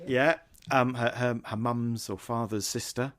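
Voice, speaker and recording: Young male co-host, relaxed film chat, dry humor, medium pitch. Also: unhurried. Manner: wry, chuckling asides. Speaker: podcast co-host.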